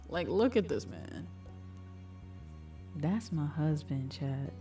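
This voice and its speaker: Woman streamer chatting w/ chat, kinda low voice, laughs a lot, cusses, mic a bit far off. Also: very animated, slow pace, dark tone. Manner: laughs often, swears casually. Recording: distant mic with faint music.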